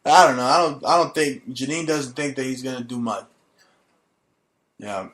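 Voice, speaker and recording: A man's voice: medium pitch, moderate pace, fairly bright tone. A man hosting his own talk show, chatting casually in a brash, crude and mocking way. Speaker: radio show host. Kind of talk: casual crude comedy chat.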